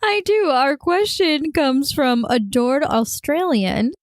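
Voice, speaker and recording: A woman's voice: high-pitched, big pitch swings, slow, no echo, studio quality. A woman co-hosting a podcast in casual chat, laughing often as she talks. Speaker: podcast co-host.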